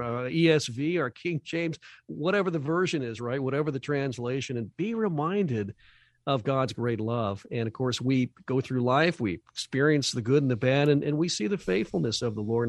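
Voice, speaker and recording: A man speaks as a charity guest on a radio show, joining over a video call. His voice sits at an ordinary pitch and sounds dry and close. He talks earnestly and leans on important words by slowing down. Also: animated, no room sound. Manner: earnest and emphatic, slows on key phrases. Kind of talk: radio interview talk.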